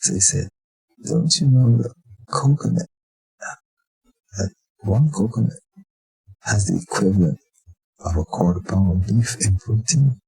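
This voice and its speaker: An older Barbadian man tells stories as an interview guest, and his voice is low and gravelly with a rough, raspy edge. He jumps into the voices of the people he describes, so his delivery is lively. The tone sits dark and mellow. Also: a little slow, long pauses, soft background music, rough recording. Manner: animated, acts out voices in his anecdotes. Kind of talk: storytelling chat.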